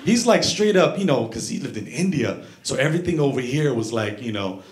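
A male stand-up comedian on a club stage, animated, acting out his stories. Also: mid-range voice, fairly quick. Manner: animated, acts out voices. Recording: echoey club with audience laughter.

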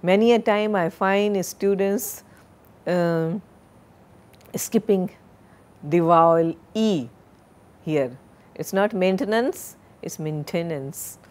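Woman, lecturer, slow deliberate delivery, lowish pitch, recorded lesson, lapel mic. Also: a little mellow. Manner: slow, deliberate, drills word pronunciations.

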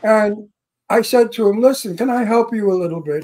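A man's voice: sits high, brisk, darkish tone. A man with a Brooklyn accent co-hosting a casual interview, chatty and full of stories. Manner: talkative, tells stories with acted-out quotes. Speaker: co-host.

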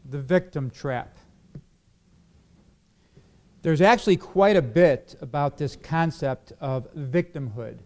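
Male pastor, sermon delivery, questions to his congregation, slightly higher voice. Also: slow, long pauses, darkish tone. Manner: asks the congregation questions, acts out quoted arguments.

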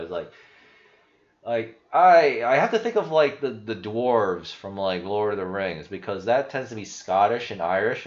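A man giving rambling, casual commentary over his screen as a crypto investing YouTuber, often tagging on "right?" and "you know". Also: fairly low pitch. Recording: dull lo-fi audio.

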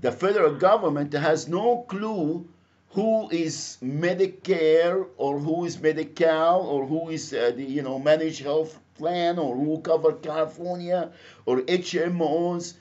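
Loud Egyptian man on a lo-fi call. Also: fairly high pitch, a little slow. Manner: loud, insistent, repeats himself. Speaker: caller. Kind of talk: phone call complaint. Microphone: computer speakerphone via internet calling. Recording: lo-fi phone call recording.

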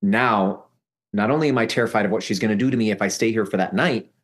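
Man haltingly recounting a frightening memory. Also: lowish voice. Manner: halting, repeating phrases, stumbling restarts. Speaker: podcast guest. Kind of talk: emotional personal storytelling.

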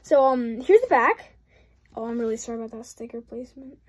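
A young woman with a high voice talks casually while showing off a model she has built. She giggles a lot, trails off, and keeps apologizing as she rambles. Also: expressive, a little fast, darkish tone, slightly rough. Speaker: hobby channel host. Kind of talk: casual build commentary.

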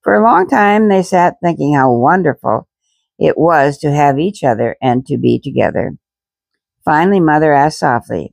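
Woman reader for a children's story, gentle, expressive, lively and gravelly. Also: low-pitched, normal speed, dry recording. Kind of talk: reading a children's storybook aloud.

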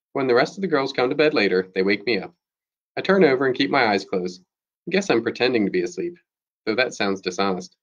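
A man, a teacher, reading a chapter book aloud with steady, expressive narration. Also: medium pitch, lo-fi sound. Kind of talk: read-aloud storytelling.

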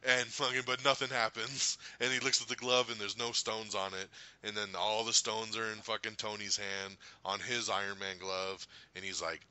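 A man hosting a podcast movie review, retelling scenes in an excitable, profanity-laced rush. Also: medium pitch, no room sound. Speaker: podcast host. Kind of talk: casual movie review chat.

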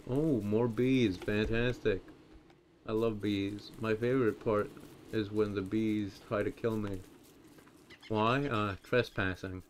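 Slow, rambling young man playing a game. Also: fairly low pitch, steady tone, a little hiss or hum. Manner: rambling, jokey, sudden outbursts. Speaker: gameplay commentator. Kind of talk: let's play commentary.

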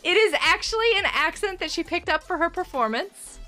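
A woman streaming a game and chatting casually with her daughter, excitable and giggly. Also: very high voice, fairly quick, soft background music. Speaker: streamer, mother of co-host. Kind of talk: casual live-stream chat while gaming.

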